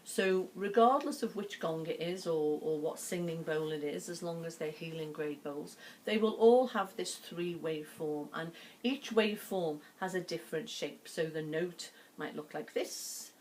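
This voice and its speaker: A woman with a Liverpool accent, a sound healer explaining her work in a gentle, chatty way with many fillers. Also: fairly low pitch, moderate pace, slight background noise. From Liverpool, England. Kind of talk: explanatory talk to camera.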